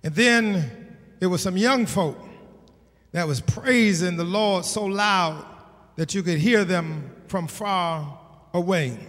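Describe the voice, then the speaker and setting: A male pastor preaching in a high, bright voice that rings with the long reverb of a church hall. He takes his time, repeating key lines for weight and building up to shouted peaks. The delivery is emphatic and sermon-paced. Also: slow. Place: church sanctuary.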